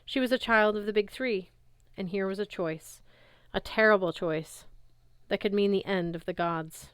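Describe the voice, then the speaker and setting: A woman reads a novel aloud in a steady, even storytelling way. Her voice is smooth and clear, and the recording is dry and close. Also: mid-range voice, moderate pace, dry recording. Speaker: audiobook narrator. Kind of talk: audiobook narration.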